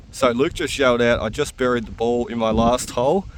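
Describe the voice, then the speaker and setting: A man, giving casual, excitable commentary while metal detecting outdoors on a farm. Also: mid-range voice, normal speed, slight background noise. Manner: excitable, chatty, often exclaiming.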